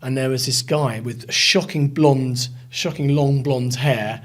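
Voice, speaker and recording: A man's voice: medium pitch, steady tone, unhurried. A man co-hosting a podcast, chatting casually and telling anecdotes. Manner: storytelling, chatty. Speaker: podcast co-host. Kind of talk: casual chat.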